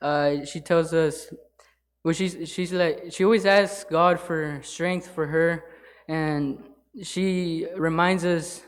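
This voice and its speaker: A man speaking from the pulpit in an informal sermon. He halts often, filling gaps with fillers and starting sentences over. His voice sits slightly high for a man. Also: fairly even intonation, clean tone. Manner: halting, with many fillers and restarts. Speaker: lay church speaker. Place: church sanctuary.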